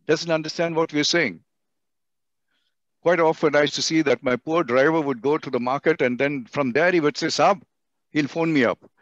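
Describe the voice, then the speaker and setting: A man with an Indian English accent giving a webinar lecture on communication, swinging his voice high and low to show his points. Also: no room sound. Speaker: guest speaker on communication. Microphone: computer mic on a video call. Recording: dry, dull webinar audio.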